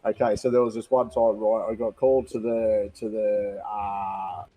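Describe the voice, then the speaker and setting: An Australian man as a podcast guest, telling a funny story in a casual, animated way and laughing as he goes. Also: lowish voice, normal speed, soft background music, rough recording.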